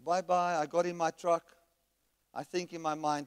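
A man preaching a sermon at a church camp, telling a story and rising to shouts as he reenacts his anger. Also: high-pitched, a little slow, long pauses, smooth. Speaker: guest preacher. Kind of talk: sermon with anecdote. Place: resort hall at a church camp. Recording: long reverb of a large hall.

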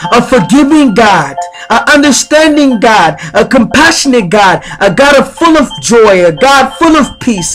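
A man leading guided spiritual affirmations in slow, repetitive, chant-like phrases. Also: extremely high pitch, fairly bright tone. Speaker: spiritual speaker.

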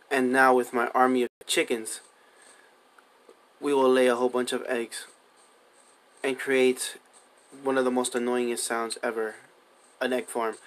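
A man's voice: mid-range voice, fairly bright tone. Young male gaming host, casual, rambling playthrough chatter, mid-range voice. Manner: chatty, coaxing animals with repeated commands. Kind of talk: casual gameplay commentary.

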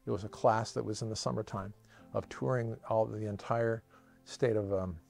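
Gravelly-voiced man recalling his past. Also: lowish voice, steady tone. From Washington State, USA. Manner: earnest, reflective, halting with frequent restarts. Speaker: storyteller sharing his life story. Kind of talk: personal testimony told from memory. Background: soft cinematic music.

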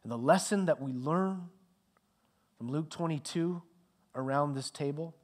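A middle-aged male pastor preaching a sermon with dramatic swings from loud emphasis to hushed near-whispers. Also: fairly high pitch, measured pace.

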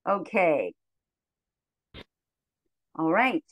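A woman leading an English lesson for very young learners, cheerful and slow, her voice jumping high on the commands. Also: very animated, no echo, rough recording. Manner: cheerful, slow and clear, with big pitch jumps on commands. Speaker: teacher trainer leading a model lesson. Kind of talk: lively classroom teaching to young children.

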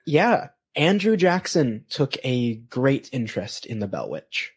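Husky-voiced man telling a story casually. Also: mid-range voice, sing-song, a little slow. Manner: hesitant, many ums and restarts. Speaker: podcast host.

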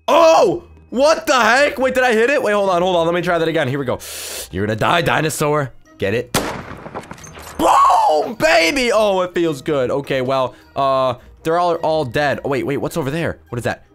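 A young man hosting a gaming video, giving excited play-by-play and shrieking in mock panic. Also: medium pitch. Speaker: YouTube gaming host. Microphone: desk mic with face cam.

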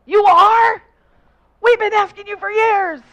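A woman preacher voicing an excited female friend with high, eager exclamations. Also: measured pace. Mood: surprised. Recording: slightly dull lo-fi recording.

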